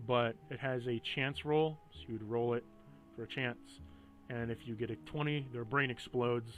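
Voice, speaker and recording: Man, game master, explains rules, pauses with fillers, mid-pitched voice. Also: fairly even intonation, faint music behind. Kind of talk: narrating a tabletop game.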